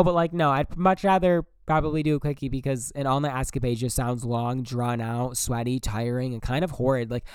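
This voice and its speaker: A young man hosts his own podcast in a loose, rambling monologue, blunt and full of swearing and "like". His voice is smooth and resonant. It is recorded close and completely dry. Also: medium pitch, dry recording. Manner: blunt, profane and rambling, with many "like" fillers. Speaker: podcast host. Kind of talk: casual solo podcast monologue.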